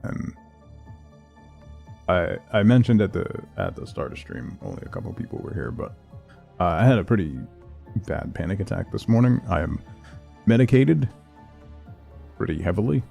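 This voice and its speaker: A man streaming a game, reading the tutorial text aloud in a flat, exhausted, yawning way. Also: moderate pace, vocal fry, pauses often, faint music behind. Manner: flat, low-energy delivery.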